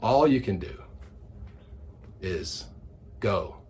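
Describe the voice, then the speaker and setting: Lively, animated man teaching the Bible. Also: lowish voice, drawn-out words, a little hiss or hum. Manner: animated, conversational storyteller. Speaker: podcast host and Bible teacher. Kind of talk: casual devotional Bible talk.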